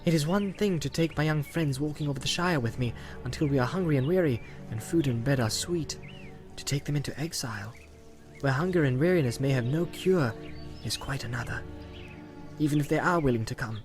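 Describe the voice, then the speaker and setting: A man reading aloud and voicing a troubled, resolute young male hobbit who talks earnestly and turns sharp when pestered. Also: mid-range voice, fairly quick, faint music behind, lightly acted. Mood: brooding.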